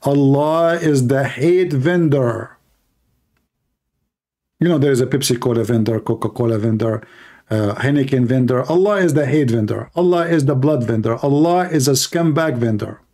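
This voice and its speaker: A man's voice: medium pitch, brisk, dark tone. Sarcastic man hosting a livestream. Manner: sarcastic and mocking, nonstandard English grammar. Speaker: host of a live religious debate stream. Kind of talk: mocking livestream monologue.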